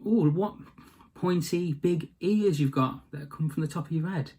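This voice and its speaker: A man's voice: on the high side, measured pace, warm tone, breathy edge, pitched above the performer's own voice. Man putting on a storybook girl in a red hood, wary and questioning, voice nudged up a little.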